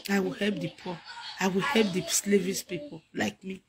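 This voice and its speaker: A woman's voice: mid-range voice, fairly even intonation, normal speed, gravelly, a crowd in the background. A young woman with a Nigerian accent, crying as she makes a repetitive, emotional plea for help as a mother. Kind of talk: tearful public appeal. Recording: loud music behind voice. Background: music.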